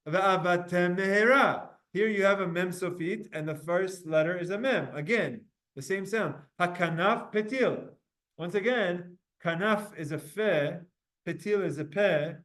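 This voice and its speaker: Guy teaching a talmud class, pretty high voice, stretches out the hebrew words slow. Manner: animated, drawn-out recitation of Hebrew phrases.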